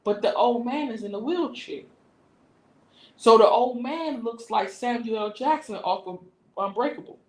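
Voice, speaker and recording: Brief: woman host, lively cussing storyteller, fairly high voice, roomy echo. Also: normal speed. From Washington, D.C. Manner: animated, profane storyteller who acts out quotes. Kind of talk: casual storytelling on a live stream. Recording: echoey room.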